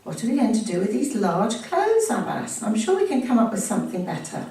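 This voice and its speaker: A dignified elderly headmistress who greets a new boy politely and warmly, as a woman reads her lines from a book. The voice sits in a middle range for a woman and is not strongly acted. It is heard from far off in a very echoey room with a faint hum behind it. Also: medium pitch, sing-song, fairly quick, close to an everyday voice. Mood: kind. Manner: polite and welcoming.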